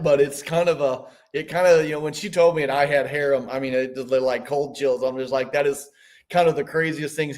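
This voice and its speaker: A man in his fifties telling a story as a podcast guest, rambling with frequent restarts. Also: on the high side. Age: 50s. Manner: rambling, animated, many restarts. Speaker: podcast guest, business owner. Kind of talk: casual storytelling.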